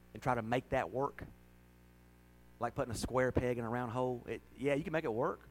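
A man's voice: medium pitch, rough recording. Middle-aged man preaching, folksy and emotional with bursts of laughter, faint hum under the voice. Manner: folksy, emotional, with laughs and sudden loud rises. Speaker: pastor. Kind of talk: sermon.

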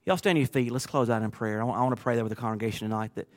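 A man pastor preaching a sermon through personal stories, earnest and emotional, moving from quiet to loud. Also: medium pitch, very fast, few pauses. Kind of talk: storytelling sermon.

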